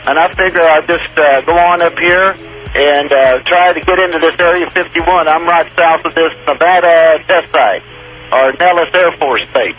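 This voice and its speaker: A male radio caller with a fairly high, bright, ringing voice, phoning in from a small plane in the air. He rambles along, stopping and starting with plenty of "uh"s, never quite getting to the point. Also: faint music behind, rough recording. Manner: rambling, halting with many fillers. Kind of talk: phone-in call. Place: small aircraft in flight.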